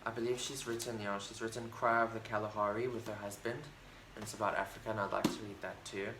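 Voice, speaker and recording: A man's voice: lowish voice, level tone, quick pace, a bit bright. Rambling man in an echoey room. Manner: rambling, enthusiastic, full of fillers and restarts. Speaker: book vlogger. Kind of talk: casual book review chat. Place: room at home with a bookshelf. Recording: roomy echo, faint background noise.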